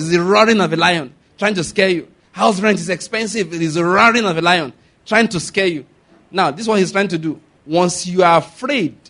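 A man preaching a sermon, often pausing to ask the congregation if they follow his point. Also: high voice, fairly bright tone. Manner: repeats rhetorical questions to the congregation. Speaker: pastor.

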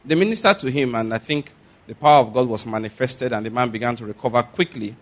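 A man's voice: mid-range voice, fast talker. A Nigerian man preaching, who talks in a loose, conversational way with restarts and asides. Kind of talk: sermon.

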